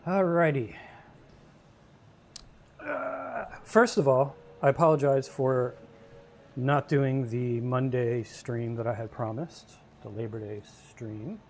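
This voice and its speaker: A man's voice: medium pitch, slow pace. A man streaming a video game, chatting casually and rambling with his viewers, chuckling now and then. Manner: easygoing, rambling, chuckles to himself. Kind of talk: casual livestream chat while gaming.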